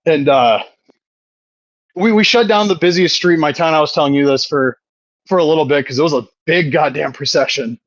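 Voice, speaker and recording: A man's voice: on the high side, brisk, no room sound, dull audio. A man in his thirties co-hosting a podcast, chatting casually, rambling and swearing, often laughing. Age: 30s. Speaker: podcast co-host. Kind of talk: casual chat.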